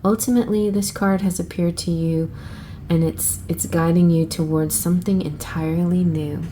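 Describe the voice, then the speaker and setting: Woman, casual deck review, excitable, thinks out loud, mellow low voice, faint hiss behind. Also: normal speed. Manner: chatty and excitable, thinks aloud with restarts. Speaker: tarot channel host. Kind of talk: casual card flip-through review.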